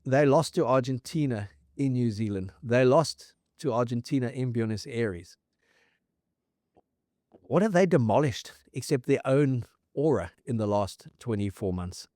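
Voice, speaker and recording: A man's voice: mid-range voice, a little slow, darkish tone, dry recording, studio quality. Man reeling off rugby scores. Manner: fact-heavy storyteller, reels off scores and dates. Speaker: rugby podcast host. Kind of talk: casual rugby chat.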